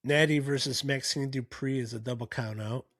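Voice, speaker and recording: A man with a gravelly, rough-edged voice talks through a recap in a loose, casual way. He rambles, restarting sentences and leaning on fillers as he goes. The sound is dry and close, with no room around it. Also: medium pitch, fairly even intonation, moderate pace, fairly bright tone, no echo. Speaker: podcast host.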